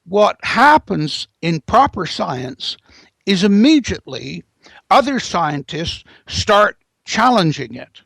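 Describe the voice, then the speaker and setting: Gravelly high-voiced man lecturing. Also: very animated, slow pace, fairly bright tone, dry recording. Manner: lecturing, building points with rising emphasis. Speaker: guest expert. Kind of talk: interview, explaining at length.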